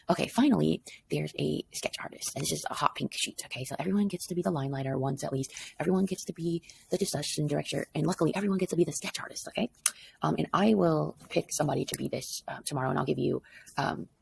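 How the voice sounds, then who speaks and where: A woman's voice: low-pitched, gravelly, darkish tone, breathy edge, no echo. A tired woman teacher explaining an assignment in a recorded lesson, rambling casually and checking in with "okay?". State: tired, up before dawn.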